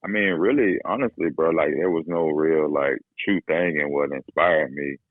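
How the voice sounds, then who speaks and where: A man's voice: a bass voice, normal speed, dry recording, narrow, tinny audio. A man in his thirties from Florida with a Florida accent, talking as a guest in an easygoing, slangy way. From Jacksonville, Florida. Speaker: guest barber. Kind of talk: casual podcast chat.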